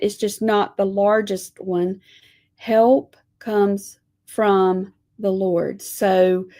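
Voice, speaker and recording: Woman host for a live lettering lesson; gravelly, slow, friendly chatter to viewers. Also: medium pitch, warm tone. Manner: chatty, folksy, says y'all. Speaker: lettering teacher. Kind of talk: live-streamed craft lesson.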